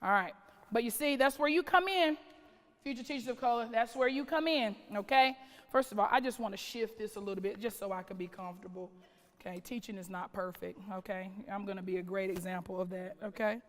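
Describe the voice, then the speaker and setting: A woman's voice: medium pitch, brisk. Dramatic woman giving a keynote. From North Carolina. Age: late 30s. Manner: dramatic, strings of rhetorical questions, shifting pace. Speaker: keynote speaker, school principal. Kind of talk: keynote speech. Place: large conference hall. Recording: reverberant hall.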